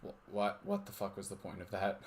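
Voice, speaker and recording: A man's voice: lowish voice, sing-song, brisk. A man streaming with friends, reading visual novel narration aloud and chatting and laughing between passages. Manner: reads steadily, then laughs and banters. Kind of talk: narration read aloud, casual chat with friends.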